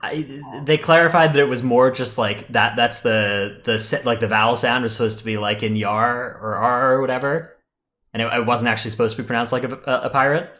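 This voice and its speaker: A man's voice: medium pitch, steady tone, a little fast, fairly bright tone. A man co-hosting a live-streamed gaming podcast in casual chat, talking easily with many fillers and restarts. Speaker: podcast co-host.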